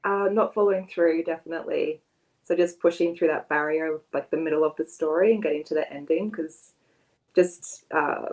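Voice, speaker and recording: A young woman writer on a video call panel, hesitant and quick to laugh. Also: deep voice, gravelly, a little mellow, rough recording. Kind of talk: casual video call chat.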